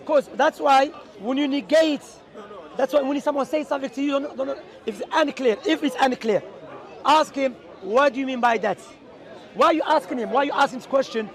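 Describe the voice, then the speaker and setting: Man preacher, very high voice, emphatic street talk, faint crowd behind. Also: fairly quick. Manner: emphatic, asks rhetorical questions. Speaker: Islamic preacher. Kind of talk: outdoor street talk on theology. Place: outdoors in a city.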